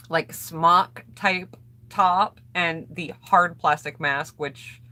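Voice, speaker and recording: A woman's voice: low-pitched, pushed and bright. An American woman vlogger reading out tag questions and answering them in casual chat, greeting viewers by name, while getting over a cold. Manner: chatty, reads questions aloud then answers and greets viewers. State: recovering from a cold.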